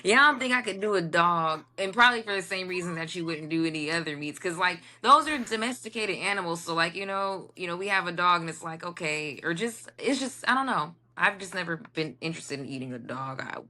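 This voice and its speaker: A woman in her thirties speaks as an interview guest. Her voice is low but bright and forward. She rambles casually with plenty of fillers. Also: expressive, a little fast, few pauses. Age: 30s. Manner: rambling, filler-heavy talk. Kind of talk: casual chat.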